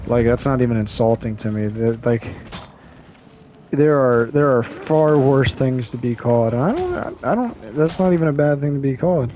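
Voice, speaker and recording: A man's voice: mid-range voice, expressive, moderate pace, mellow. A man with an ordinary mid-range voice rants casually to his camera. His delivery is blunt, profane and rambling, full of restarts. A faint hiss sits under the voice. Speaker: vlogger.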